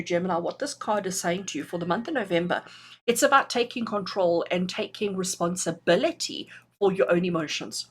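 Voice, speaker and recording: Husky-voiced woman giving a tarot reading. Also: mid-range voice, a bit bright. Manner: enthusiastic, checks in with "okay?" and "all right?"; acts out little quoted voices. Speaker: tarot reader.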